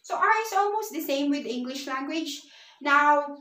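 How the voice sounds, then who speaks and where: A woman's voice: high-pitched, expressive, moderate pace, fairly bright tone, reverberant, rough recording. A woman teaching a beginner Spanish lesson, patiently spelling words out letter by letter.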